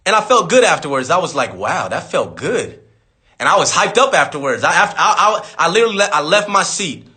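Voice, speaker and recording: Man, 30s, bright edgy voice, profane animated storyteller on a phone livestream. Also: high voice. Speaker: rapper on a live stream. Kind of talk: casual livestream talk. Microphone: phone on a live stream.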